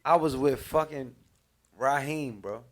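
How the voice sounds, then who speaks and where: A man's voice: medium pitch, measured pace. A man in a casual podcast chat, telling profane childhood stories with laughter. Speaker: podcast guest. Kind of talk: casual smoke-session chat.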